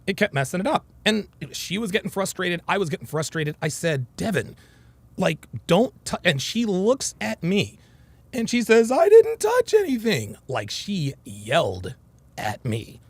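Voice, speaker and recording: A man talks straight to his viewers in a casual commentary monologue, swearing freely as he tells a story. His pitch climbs and dips a lot, and a gravelly rasp sits under it. He speaks a bit higher than most men. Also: unhurried, no echo. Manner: profane, storytelling, animated. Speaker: commentary host.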